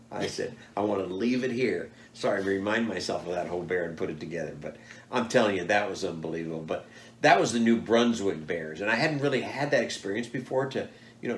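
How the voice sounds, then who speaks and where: Older male storyteller, animated, acts out his quotes, roomy echoey recording. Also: lowish voice, a little hiss or hum. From United States. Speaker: father telling stories. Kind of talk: casual storytelling. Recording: echoey room.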